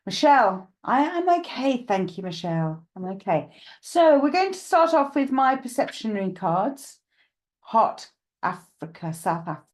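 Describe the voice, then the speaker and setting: A woman's voice: high-pitched, sing-song, normal speed, a little mellow. Brief: woman, live-stream host with a slight cough, rambling and friendly, greets viewers by name. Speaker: psychic medium hosting a live stream. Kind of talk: casual live-stream chat.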